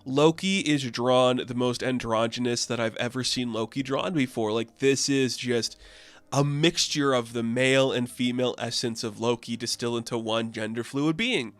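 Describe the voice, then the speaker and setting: A man gives an easygoing comic book review, chatting loosely and leaning on fillers. His clear, smooth voice is mid-pitched and fairly bright, moving at a moderate pace, in a dry recording made close to the mic.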